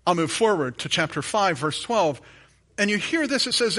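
Bright-voiced man preaching a sermon. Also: high voice, expressive, normal speed. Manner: emphatic preaching with repeated phrases; asides with light humor to the congregation. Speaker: pastor.

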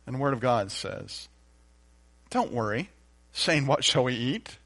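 A man preaching a sermon, acting out a doubting believer's complaints and then answering softly with calls to trust God. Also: medium pitch, lively intonation, unhurried, creaky, pauses often. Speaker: pastor.

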